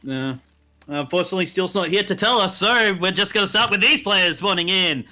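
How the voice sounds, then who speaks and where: A man's voice: high-pitched, fairly quick, pushed and bright. A man casting a live esports tournament, hyping up the players as he introduces them. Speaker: esports caster.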